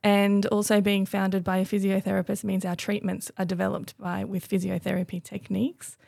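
A young adult woman, a guest on a podcast, explaining things in a measured, informative way. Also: medium pitch, flat delivery, gravelly, darkish tone, no room sound, studio quality. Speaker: brand distributor guest.

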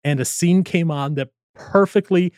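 In a casual chat, a man with a fairly high voice retells a comedy scene at a moderate pace, animatedly acting out the characters' lines. The sound is clean studio audio without echo.

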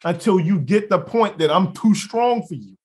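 A young man co-hosting a casual podcast tells a story with lots of laughter and free swearing, acting out the other people's lines as an animated storyteller. His voice sits high and his pace is moderate.

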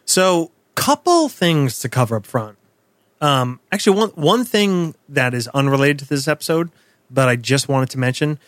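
A man's voice: a little high, lively intonation, normal speed, dry recording. A man co-hosting a podcast in casual chat, joking and laughing easily, with some hesitations. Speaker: podcast co-host.

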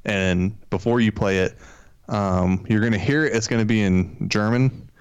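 A man's voice: lowish voice, moderate pace, clear, resonant tone, no room sound, highs cut off. A man co-hosting a podcast in a casual, joking chat, reading out headlines and laughing often. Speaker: podcast co-host.

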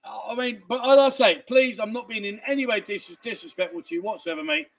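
Man, middle-aged, high pitch, cheeky livestream host, tired. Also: fairly quick, fairly bright tone. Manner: cheeky, banters and laughs while reading comments. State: tired from lack of sleep. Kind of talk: casual livestream chat reading viewer comments.

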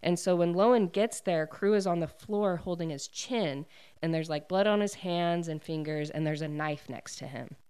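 A woman's voice: on the low side, normal speed, darkish tone, smooth. Chatty woman recapping a story. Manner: retells a plot with many "like"s, acts out quoted lines and laughs often. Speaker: book discussion host. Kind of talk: casual book recap chat.

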